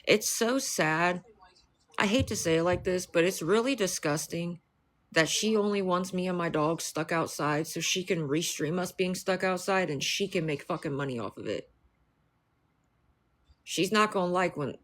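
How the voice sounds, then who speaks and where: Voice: medium pitch, normal speed, a bit bright. A livestreamer in casual talk who apologizes often, keeps repeating the same plea for money, and turns bitter and angry toward a rival. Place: indoors with dogs.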